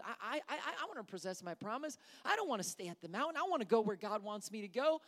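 A man's voice: sits high, big pitch swings, quick pace, few pauses. Give me an emphatic male pastor preaching a sermon, repeating his points. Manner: emphatic, repetitive, swings from loud to hushed.

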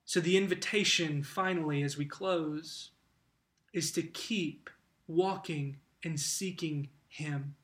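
A male pastor preaching a sermon, emphatic, asking rhetorical questions and swinging from loud to hushed. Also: a little high, steady tone, slow pace.

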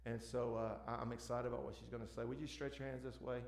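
Pastor guy, gravelly, keeps repeating words, echoey church. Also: medium pitch, flat delivery. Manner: repeats words, warm halting delivery. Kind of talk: church sermon introduction and prayer. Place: church sanctuary.

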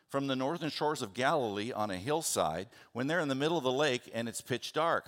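A man preaching a sermon, telling the scripture story with animated, conversational delivery and acting out the characters' words. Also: medium pitch, fairly quick. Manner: animated storytelling, acts out biblical voices; conversational, with restarts and asides. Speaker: pastor.

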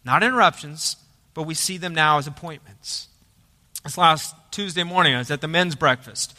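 Male pastor, high bright voice, emphatic sermon, echoing church sanctuary. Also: moderate pace. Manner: emphatic preaching, rises to loud dramatic quotes. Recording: church hall reverb.

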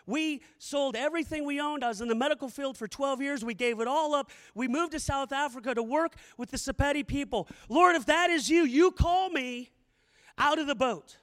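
A man preaching with a strikingly high voice, moving from quiet storytelling to fervent shouted prayer. His voice rings out with a long hall reverb behind it. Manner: impassioned, swings from hushed to shouted prayer. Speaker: campus missionary preacher. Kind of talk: sermon.

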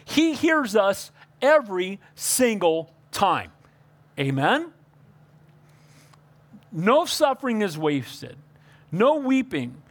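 A man's voice: high-pitched, fairly bright tone. A male pastor preaching a sermon, reading scripture aloud and calling out for amens from the congregation. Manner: emphatic, calls for amens, reads scripture aloud.

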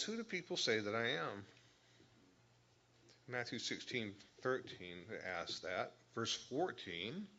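A man's voice: mid-range voice, pushed and bright, highs cut off. A man teaching a Bible lesson, explaining verse by verse and stressing key words. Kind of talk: sermon.

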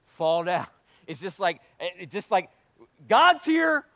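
A man preaching a sermon with a fairly high voice, close and dry on the mic. He swings from quiet, intimate passages to loud, emphatic ones, answering his own rhetorical questions. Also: measured pace, dry recording. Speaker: pastor.

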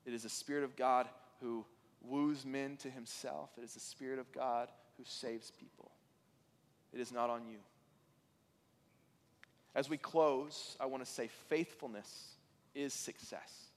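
A man's voice: mid-range voice, fairly even intonation, measured pace. A man preaching a sermon as pastor, earnest and conversational, with occasional fillers and restarts. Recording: reverberant hall.

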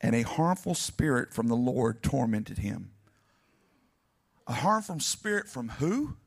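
A man's voice: medium pitch, very animated, a little slow, vocal fry, husky. A male preacher delivering a dramatic sermon and speaking straight to his congregation. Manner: dramatic, builds to near shouting, speaks to the congregation directly. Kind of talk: animated sermon.

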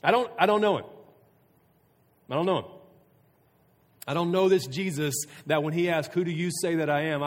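A man's voice: high voice, voice pushed up. A preacher putting on a frantic man denying everything. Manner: frantic, insistent, repeating himself. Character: panicky man flatly denying he knows someone. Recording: long hall reverb.

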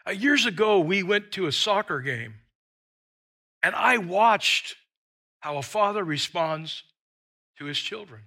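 An older man delivers a sermon in a high, bright voice at an unhurried pace. He tells stories with humor and swings from loud, shouted lines to soft, hushed ones. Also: animated. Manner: dynamic preaching, shouting quoted lines then dropping to a hush; storytelling with humor. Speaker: pastor.

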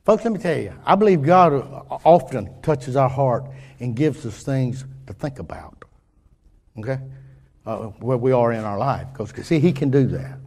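A man preaching a sermon in an earnest, halting way, often restarting his sentences and swinging between loud and quiet. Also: medium pitch, expressive. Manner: earnest, halting with many restarts, rising and falling in intensity. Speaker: pastor.

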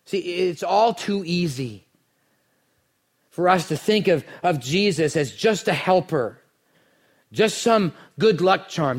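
A man preaching a sermon, telling the story dramatically and swinging from hushed lines to near shouts. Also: high-pitched. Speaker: pastor.

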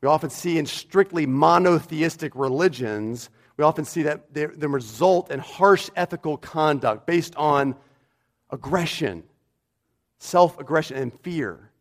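A man's voice: on the high side, measured pace. A pastor preaching a sermon in a church, emphatic and repeating his key phrases for weight.

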